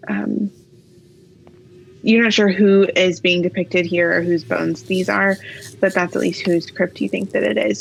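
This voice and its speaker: A woman running a tabletop game as game master, narrating in a relaxed way with many pauses and fillers. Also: lowish voice, gravelly. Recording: slightly dull, faint noise.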